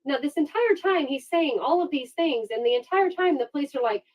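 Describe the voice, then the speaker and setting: A woman hosting a true-crime livestream, telling the case in a casual, sarcastic and animated way. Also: high voice, a little fast, few pauses, highs cut off.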